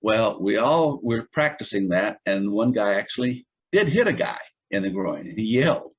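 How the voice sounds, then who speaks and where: An older man in his seventies with a husky, low voice tells his stories with a wry chuckle. He speaks as a veteran in a relaxed interview. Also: moderate pace. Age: 70s. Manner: wry, chuckling while recounting anecdotes. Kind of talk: casual storytelling interview.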